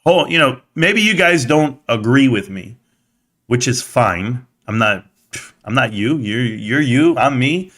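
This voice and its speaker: A man's voice: medium pitch, expressive, unhurried, fairly bright tone. A middle-aged man from the United States hosting a live stream, talking straight to his chat in a rambling, casual rant with frequent restarts.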